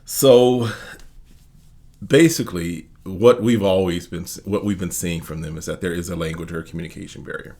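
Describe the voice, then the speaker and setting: A man co-hosting a casual show recap, telling the story in a relaxed way and briefly mimicking the people he describes. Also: deep voice, normal speed. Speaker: co-host.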